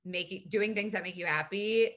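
A woman's voice: mid-range voice, normal speed. A woman speaking as a podcast guest, telling candid personal stories in casual, profane conversation. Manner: candid, profane, animated storytelling.

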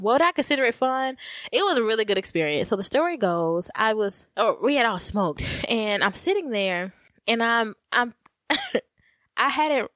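A young woman, co-hosting a podcast, telling stories in a casual, animated way and laughing often. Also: mid-range voice, no room sound, studio quality. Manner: animated, laughing often, addresses listeners as y'all. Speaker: podcast co-host. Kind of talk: casual storytelling chat.

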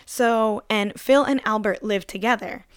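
A young woman tells a story in casual chat, animated and quick to laugh, with casual swearing along the way. Her voice sits at an ordinary middle pitch. The sound is dry and close, with no room around it. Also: clean tone, no echo.

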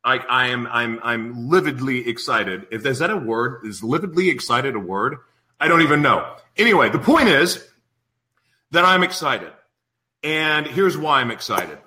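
A man in his thirties hosting a live radio show, opening with a rambling, self-deprecating, excitable monologue. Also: mid-range voice, normal speed. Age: 30s. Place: studio in San Diego.

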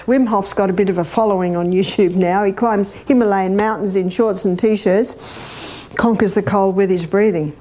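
Older woman, health educator, warm mellow tone, lively and questioning. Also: medium pitch, moderate pace. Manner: lively, imitates bird laughs, asks the audience questions. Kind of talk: animated teaching talk.

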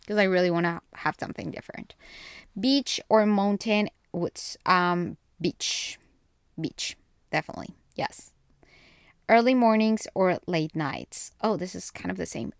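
A young woman from Colombia hosting a podcast, chatting casually and rambling as she answers quick this-or-that questions. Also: fairly low pitch, dry recording, clean studio sound. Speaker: podcast host. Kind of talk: casual solo podcast chat.

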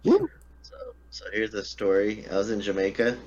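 A man's voice: lowish voice, very animated, normal speed, darkish tone, highs cut off. A man from Texas on a gaming podcast, chatting casually and telling a funny story, laughing and swearing as he goes. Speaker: podcast co-host. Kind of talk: casual chat.

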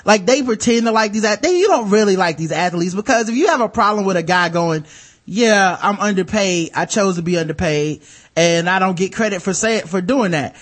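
A man hosting a podcast in casual chat, ranting with lots of swearing and mocking others in loud put-on voices. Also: high-pitched, a little fast. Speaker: podcast host.

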